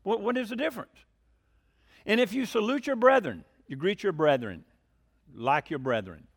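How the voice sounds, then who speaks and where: A middle-aged man preaches a sermon. He shifts from loud, emphatic proclamations to quiet, conversational asides and keeps asking his congregation questions. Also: high-pitched, expressive, normal speed, slightly rough.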